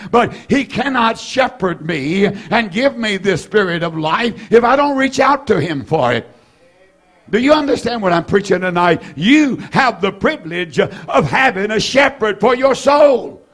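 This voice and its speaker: Man in his seventies, preacher, high voice, fervent sermon, repeats lines, shouted peaks, uh fillers. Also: big pitch swings, measured pace. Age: 70s. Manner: frequent "uh" fillers and restarts. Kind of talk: evening sermon.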